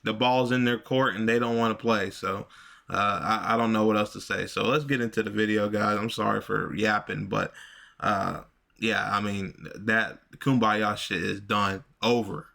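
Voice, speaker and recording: Male commentary host, low voice, rambling, profane, filler-heavy, casual. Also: fairly even intonation, normal speed, gravelly, sharp tone.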